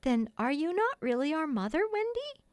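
Storybook figure: a tiny sleepy boy, high and plaintive, full of wonder, as a woman narrator puts him on. Dry and close. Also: sing-song, moderate pace, no echo. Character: sleepy small boy, the youngest.

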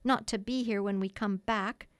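A woman's voice: medium pitch, fairly even intonation, normal speed, smooth, no echo, close to an everyday voice. A woman voicing a brash boy, a young scoundrel, close to her own voice.

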